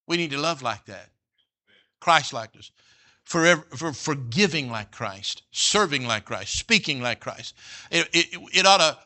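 Middle-aged man, pastor, preaching with folksy humor; slightly high, piercingly bright voice. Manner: folksy and joking, peppered with "all right?" and "you know". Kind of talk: sermon.

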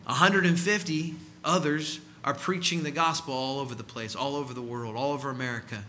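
A man preaching a sermon, telling a story dramatically and swinging from hushed lines to loud ones. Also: mid-range voice, a little fast.

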